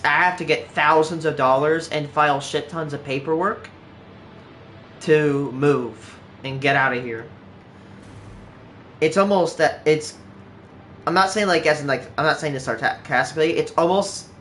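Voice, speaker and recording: A man with a slightly high, somewhat bright voice chats casually while playing a game on a livestream. He rambles, saying "like" a lot and restarting sentences. Clear background music plays.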